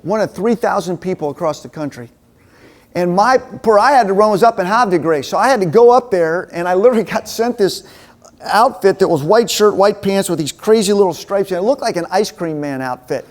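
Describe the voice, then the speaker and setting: A man giving a casual storytelling sermon to a men's group, chatty and lively, dropping to a hushed voice at times. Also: high voice, a little fast. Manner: animated, chatty storyteller who drops to a hushed voice. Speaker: men's ministry speaker. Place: meeting room with a live audience.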